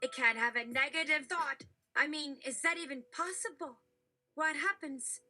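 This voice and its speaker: A woman's voice: high-pitched, moderate pace, pushed and bright, faint music behind, pitched above the performer's own voice. A woman voicing a brash male comedy agent who reacts with crude, exasperated outbursts. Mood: outraged.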